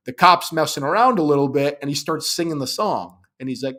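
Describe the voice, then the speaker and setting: A man's voice: fairly high pitch, brisk, fairly bright tone. A man hosting a live show, teaching in an emphatic, conversational way, often checking in with "okay?". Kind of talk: live-stream teaching talk.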